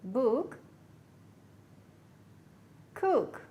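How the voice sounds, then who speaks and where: A woman with a Kyrgyz accent teaching English to young pupils, slowly repeating and spelling out words. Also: high-pitched, big pitch swings, warm tone.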